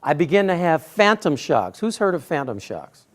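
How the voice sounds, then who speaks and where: A middle-aged man telling a personal story in a speech to an audience, acting out quotes with sudden loud bursts. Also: a little high, very animated, moderate pace. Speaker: speaker giving a personal talk.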